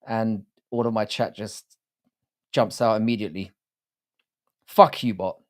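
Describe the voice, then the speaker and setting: This British male live-streamer has a mid-range, darkish voice and a measured pace with long pauses. He's casual and crude, swearing often as he reads out his chat and greets people by name.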